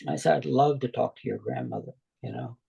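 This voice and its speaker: A middle-aged man tells a personal story in an easy, conversational way, quoting what others said as he goes. His voice is heavily gravelly and husky, with a dark, mellow tone. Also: mid-range voice, wildly swooping pitch, brisk, dull audio. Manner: retells dialogue at length, quoting others. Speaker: guest.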